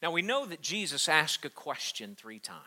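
A man preaching a sermon to his congregation, emphatic, rising to fervent peaks and dropping to hushed lines, often restarting and repeating words. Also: a little high, sing-song, normal speed. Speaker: pastor.

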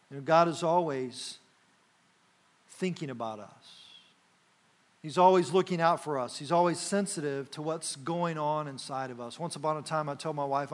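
Middle-aged male pastor, higher voice, preaching with pauses and swells of emphasis. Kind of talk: sermon.

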